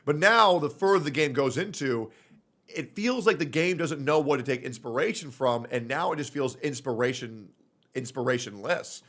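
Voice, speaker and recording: A man's voice: medium pitch, lively intonation, moderate pace, fairly bright tone. A young man streaming, giving blunt, profane reaction commentary.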